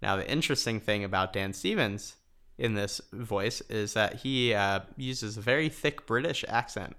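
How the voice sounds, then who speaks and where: A man co-hosting a podcast in casual chat, laughing often and filling pauses with ums. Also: on the low side, bright, forceful tone, smooth. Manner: chatty, laughs often, many fillers. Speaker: podcast co-host.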